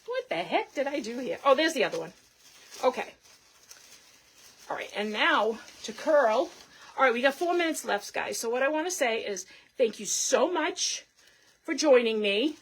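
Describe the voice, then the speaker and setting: A woman's voice: high-pitched, very animated, moderate pace, long pauses, slight background noise. A woman hosting a live wreath-making stream, chatting casually and thanking her viewers as she works. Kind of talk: casual livestream chat while crafting.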